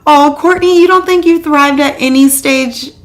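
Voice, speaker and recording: A woman in her forties hosting a casual live chat. She answers viewer comments by name and talks in a loose, rambling way, full of "like" and "um", and her voice jumps up when she gets excited. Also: high voice, normal speed. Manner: chatty, reads out viewer comments, lots of "like" and "um". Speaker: host.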